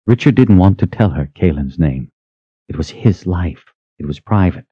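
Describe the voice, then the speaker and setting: A man narrating an audiobook in a measured, even storytelling manner, close to the mic. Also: deep voice, husky, no echo, muffled recording. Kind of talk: scripted narration.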